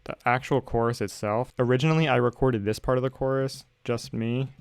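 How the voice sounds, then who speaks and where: In this casual tutorial voice-over, a young male producer explains how he built his song as it plays in the background. He talks briskly at a medium pitch with fairly even intonation, staying relaxed and leaning heavily on "like" and other fillers.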